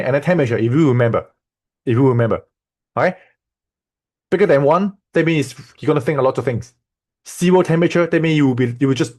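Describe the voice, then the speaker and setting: A man's voice: medium pitch, darkish tone. A man in the middle of a casual screen-share tutorial, talking in an everyday mid-range voice. He teaches loosely and repeats himself, often checking that his students are following along. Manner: loose, repetitive teaching with frequent "okay?" and "right?". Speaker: online course instructor.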